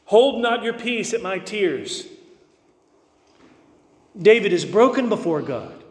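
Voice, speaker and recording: A man preaching a sermon as pastor, earnest and emphatic, slowing to stress key phrases. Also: high-pitched, big pitch swings, reverberant, big-room sound.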